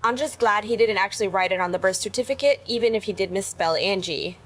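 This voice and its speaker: Sarcastic lady reacting to story clips, mid-pitch voice, scripted commentary. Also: fast talker. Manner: wry, sarcastic.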